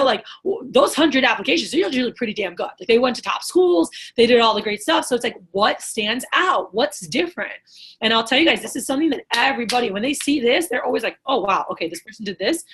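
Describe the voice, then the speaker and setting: A woman sales trainer giving an energetic, casual motivational talk, full of rhetorical questions and fillers. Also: on the high side, husky.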